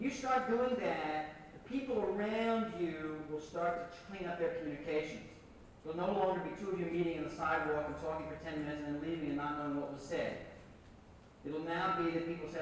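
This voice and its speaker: A man giving an animated workshop lecture, repeating points and directing the audience, recorded from far off on old reel tape in an echoey hall. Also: a little high, fairly quick, a little hiss or hum. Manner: animated, repetitive, coaching the audience.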